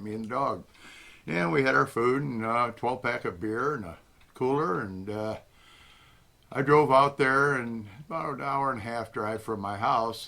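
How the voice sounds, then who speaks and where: A man's voice: mid-range voice, sharp tone. An older man hosting his own channel, telling a rambling folksy story in a casual reminiscing way and chuckling often. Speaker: host.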